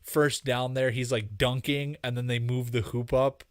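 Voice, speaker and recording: A man co-hosting a podcast in casual chat, rambling and laughing often, slowing down as he recalls scenes. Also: mid-range voice, steady tone, clean tone, no room sound, clean studio sound. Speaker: podcast co-host.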